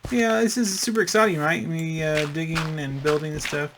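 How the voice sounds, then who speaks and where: A man's voice: fairly high pitch, brisk, noisy background. A man hosting a let's-play, talking through his game in a rambling, chatty way with fillers and little sound effects. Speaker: gaming channel host. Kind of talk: casual let's-play commentary.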